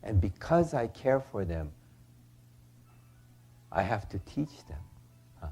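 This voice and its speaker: A man's voice: lowish voice, sing-song, slow, creaky, pauses often, mellow, husky. An older man from California, a Buddhist minister giving a folksy storytelling talk, acting out the characters and often asking "huh?".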